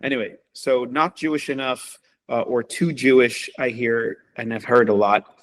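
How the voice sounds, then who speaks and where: A man's voice: medium pitch, fairly even intonation, normal speed. A man, a podcast guest, speaking emphatically and passionately in a conversational interview, with repeated rhetorical questions.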